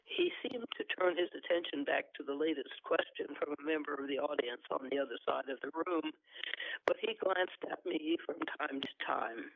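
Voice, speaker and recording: Gravelly man reading a novel aloud. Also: on the high side, moderate pace, no echo. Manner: hesitant, filler-heavy asides between steady reading. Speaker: reader of a novel. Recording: dry, tinny phone line.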